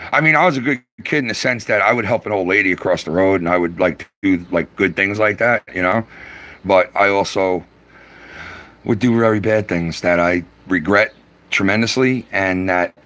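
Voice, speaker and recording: Profane, rambling middle-aged man, low voice. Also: fairly bright tone. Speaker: live streamer. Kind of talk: casual live-stream chat.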